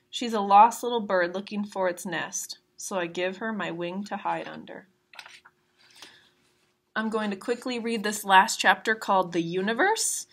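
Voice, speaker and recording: A woman reading a novel aloud at a steady pace, adding brief asides about the chapters. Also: medium pitch. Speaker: reader of a novel.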